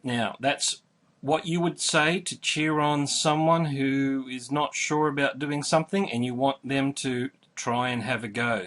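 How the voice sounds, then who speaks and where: A man's voice: medium pitch, steady tone, a bit bright. Friendly Australian man explaining slang. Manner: friendly, explains slowly with examples. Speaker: host. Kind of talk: casual vocabulary lesson.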